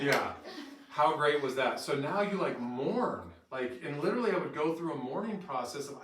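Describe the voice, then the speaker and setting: A middle-aged man leading a staff training session, telling lively stories and acting out quotes. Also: medium pitch, normal speed, a crowd in the background. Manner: animated storyteller who acts out quotes with laughter. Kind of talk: in-service training talk. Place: training room with an audience. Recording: roomy echo from far off, faint noise.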